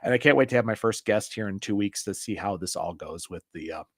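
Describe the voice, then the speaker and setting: A man's voice: on the low side, fast, slightly rough, no echo, studio quality. A man casually reviewing an audio mixer, rambling and chatty as he demonstrates it into a desk mic. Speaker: gear reviewer. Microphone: desk mic through a mixer.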